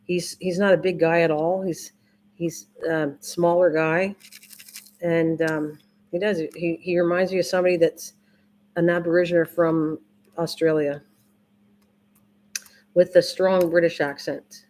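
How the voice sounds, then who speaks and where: Older female livestream host, casual rambling chat with viewers, slightly low-pitched. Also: flat delivery, a little slow, pauses often, a little mellow. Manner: rambling, repeats herself, restarts often.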